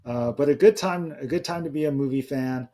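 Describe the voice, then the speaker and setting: A man in his thirties talks through a solo podcast in a loose, rambling way, circling back and restarting his sentences as he goes. His voice sits at an ordinary middle pitch for a man, with nothing unusual in its tone. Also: brisk, warm tone. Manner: rambling, conversational, with many restarts. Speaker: podcast host. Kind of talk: casual solo podcast talk.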